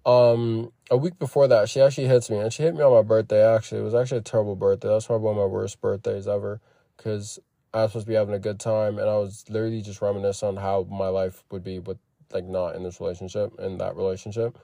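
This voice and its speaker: Gravelly man telling a storytime. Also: on the low side, fast, dry recording, clean studio sound. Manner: profane, animated retelling that acts out quoted lines. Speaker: vlogger. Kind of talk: casual storytime.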